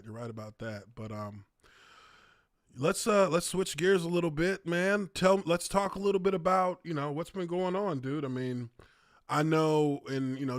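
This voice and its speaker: A male podcast host tells a story in casual, profane chat, animated and swearing a lot. His mid-range voice is recorded with studio quality and no room sound.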